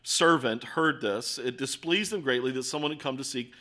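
A middle-aged man preaching a sermon, asking rhetorical questions and moving between quiet asides and emphatic points. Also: mid-range voice, normal speed. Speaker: pastor.

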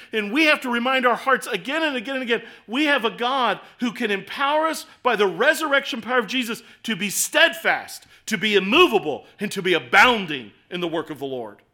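A man preaching a sermon, earnest, moving between quiet reflection and impassioned appeals. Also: high voice. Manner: earnest, swings from hushed to impassioned.

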